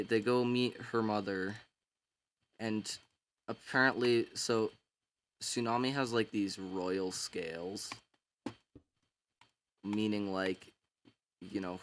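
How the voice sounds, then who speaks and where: Rambling low-voiced young guy. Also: fairly even intonation, slow, long pauses, slight background noise. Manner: rambling, filler-heavy, slangy and irreverent. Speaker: book summarizer. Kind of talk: casual rambling retelling.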